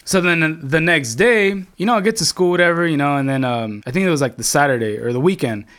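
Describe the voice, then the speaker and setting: Young man, casual chat, rambling, swearing, higher voice. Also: expressive, fast, a bit bright, clean tone. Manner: rambling, swearing, lots of "like" and "right?". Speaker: storyteller among friends.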